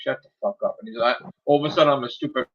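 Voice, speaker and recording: A man's voice: mid-range voice, rapid-fire, fairly bright tone. A man ranting heatedly and profanely in a casual podcast chat. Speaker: podcast co-host. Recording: dull lo-fi audio with noise.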